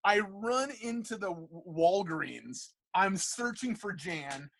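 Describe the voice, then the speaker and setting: A man, a comic book artist and podcast guest, telling a casual anecdote in an animated, profane, rambling way full of fillers. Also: sits high, takes it slowly, gravelly, slight background noise.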